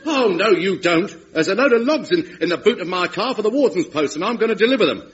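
An actor playing a rude, cocky air-raid warden, jeering and mocking in a vintage radio comedy. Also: male voice, high-pitched, animated, fast. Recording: dull vintage broadcast recording.

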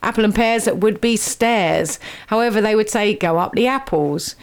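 A woman's voice: medium pitch, moderate pace. A woman hosting a radio show in a studio, chatty and teasing as she quizzes her guests. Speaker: radio host.

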